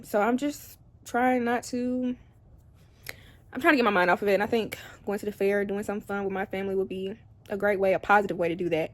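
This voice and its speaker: Her voice medium in pitch and steady, this young woman talks fairly quickly to the camera from home, tearful and rambling as she opens up to viewers. She is a vlogger who cries on and off, and the recording is dry.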